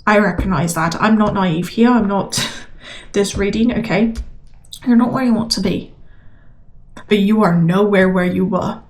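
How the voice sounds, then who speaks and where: A woman's voice: medium pitch, a little slow, long pauses. Emphatic woman giving a tarot reading. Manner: emphatic, repetitive, encouraging. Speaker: tarot reader. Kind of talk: collective tarot reading to camera.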